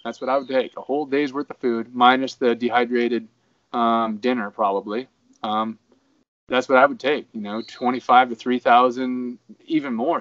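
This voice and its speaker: A man's voice: mid-range voice, fairly bright tone, dry recording, highs cut off. Man from Idaho, distant dry mic. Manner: chatty and joking, with fillers. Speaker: podcast co-host. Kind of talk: casual chat.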